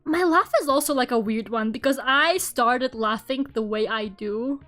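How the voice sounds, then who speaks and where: A woman's voice: fairly high pitch, normal speed, fairly bright tone. A young woman with a Russian accent, a native Russian speaker, chatting casually while she draws on stream. She rambles, laughs a lot and fills her talk with "like" and "I don't know". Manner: rambling, laughs often, lots of fillers.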